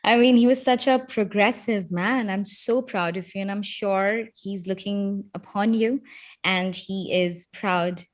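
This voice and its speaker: A woman hosting a podcast interview, supportive and encouraging, responding warmly to her guest's story. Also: medium pitch, measured pace. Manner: supportive, with soft backchannel sounds. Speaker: podcast host. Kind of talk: interview conversation.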